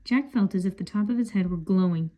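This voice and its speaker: A woman reading a children's book aloud in a calm, unhurried voice. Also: mid-range voice. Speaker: storybook reader.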